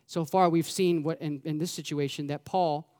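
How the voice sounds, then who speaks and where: A man preaches a sermon with a high, light voice. He talks in a lively, conversational way and keeps asking his listeners rhetorical questions. His voice rings out with a long reverb from a large room. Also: normal speed, clean tone. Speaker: pastor.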